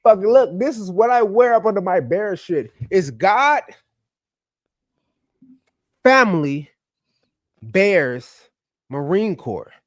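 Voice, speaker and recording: Loud, profane man telling a bar story. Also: sits high, takes it slowly, long pauses, no echo, clean studio sound. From United States. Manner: loud, profane, animated storytelling with sudden drops to mutters. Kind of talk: casual chat.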